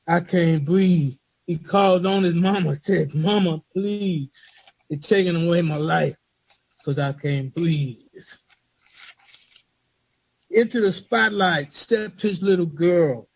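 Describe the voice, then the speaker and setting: A man reading a spoken word poem he wrote, in a slow rhythmic delivery with repeated refrains. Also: on the high side, no room sound, rough recording. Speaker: poet reading his own poem.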